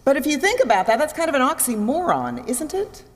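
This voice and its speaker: A woman preaching a sermon in a church, expressive, acting out voices and asking her listeners questions. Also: sits high, a little fast. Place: church sanctuary. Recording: long reverb in a large hall.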